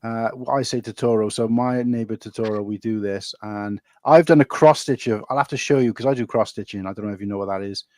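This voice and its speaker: A man's voice: fairly low pitch, fast talker, few pauses, a little mellow. A man co-hosting a casual chat, talking in an enthusiastic, chatty way. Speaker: co-host.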